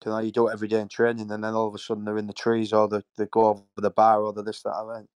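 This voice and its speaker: A man's voice: lowish voice, monotone, very fast, a little mellow, clean tone, no room sound. A man, a former footballer telling stories in a rambling, emotional way. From Hull, England. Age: 50s. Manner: rambling, repeats words, emotional. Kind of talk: casual storytelling interview.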